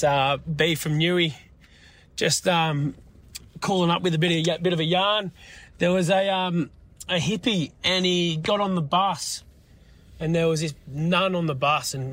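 Crude Australian caller telling a joke. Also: male voice, fairly high pitch, fairly bright tone. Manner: crude, rambling storyteller.

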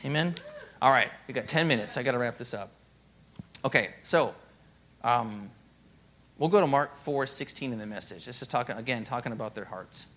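A man preaching a sermon as pastor, in a lively, conversational way and often asking "Amen?". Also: medium pitch, moderate pace, long pauses.

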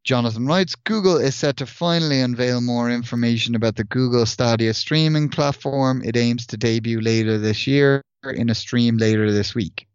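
A man's voice: mid-range voice, normal speed, hardly any pauses, clear, resonant tone, no echo. Rambling man on a dull, dry mic. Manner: rambling, many restarts and fillers. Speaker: podcast co-host. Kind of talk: casual gaming podcast chat and news reading.

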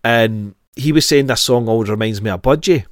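A man's voice: mid-range voice, a little fast, no room sound, studio quality. A man with a Scottish accent co-hosting a music podcast, chatty and sweary in casual talk. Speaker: podcast co-host. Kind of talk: casual chat about music.

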